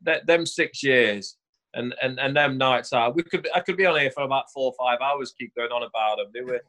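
A man's voice: mid-range voice, a little fast, fairly bright tone. A man, a former footballer telling stories in casual chat on a podcast and laughing often. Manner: boisterous storyteller, laughing often.

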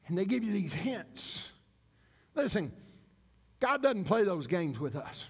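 A man preaching a sermon as pastor, with dramatic pauses and acted-out cries. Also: sits high, animated.

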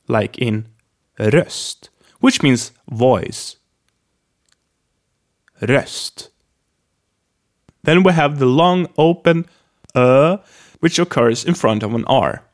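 A man's voice: medium pitch, lively intonation, slow. A man from Sweden, a native Swedish speaker, teaching a pronunciation lesson with careful enunciation and repeated example words.

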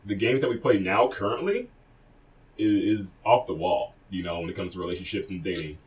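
A man co-hosts a studio podcast in an animated, rambling way, ribbing his partner as he talks. His voice sits on the low side, and the mic catches it from a little way off. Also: brisk, distant mic. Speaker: podcast co-host. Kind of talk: casual podcast chat.

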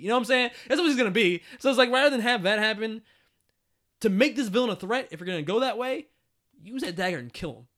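A young man in casual conversation, his voice bright and lively as it swings up and down. He talks bluntly, swears freely and breaks into laughter often. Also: very high voice, quick pace. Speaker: podcast co-host. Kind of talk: casual chat.

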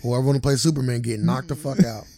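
A man co-hosting a podcast in casual chat, telling animated stories with lots of swearing and acted-out quotes. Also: mid-range voice, fast, crowd noise. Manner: animated storytelling, acts out quotes, swears freely. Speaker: podcast co-host.

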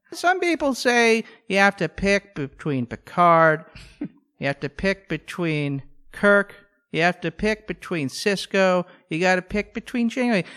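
A man voicing an earnest, nerdy male sci-fi fan who hosts a fan show, speaking slowly and drawing out his words. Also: high-pitched, fairly bright tone, clean tone, exaggerated voice.

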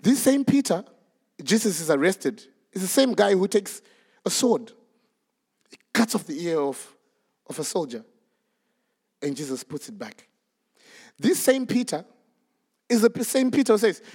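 Animated male preacher, fairly high voice. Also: a little slow, long pauses, breathy edge. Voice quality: animated storytelling, acts out voices. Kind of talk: sermon.

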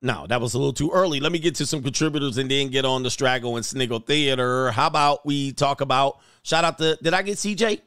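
A man's voice: medium pitch, fast, few pauses, a bit bright, clear, resonant tone, no room sound, studio quality. A man hosting a casual livestream, joking and laughing as he reads out viewer comments. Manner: joking, laughs often, slangy. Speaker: show host.

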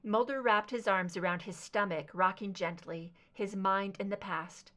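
A woman reading fan fiction aloud as audiobook narration, in a measured, even way. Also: medium pitch. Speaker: audiobook reader.

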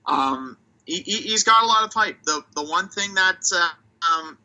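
Bright-voiced man chatting hockey. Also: sits high, expressive, moderate pace, highs cut off. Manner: thinks aloud, restarts and hedges, reads stats off a site. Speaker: hockey podcast co-host. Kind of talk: casual chat.

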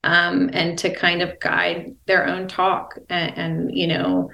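A woman's voice: lowish voice, level tone, takes it slowly, creaky, pushed and bright. A woman guest in a reflective conversation, talking thoughtfully with many fillers. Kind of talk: casual conversation. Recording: echoey room.

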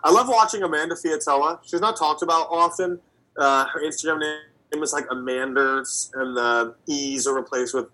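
Twenties male co-host, bright tone, eager and rambling. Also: on the high side, normal speed, low-quality recording. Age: 20s. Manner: enthusiastic, rambling with fillers. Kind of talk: casual sports chat.

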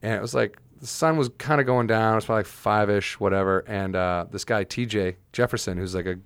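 A man's voice: lowish voice, brisk, clear, resonant tone, dry recording. A man co-hosting a podcast, telling a rambling, self-mocking story in casual chat and acting out quoted voices. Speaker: podcast co-host.

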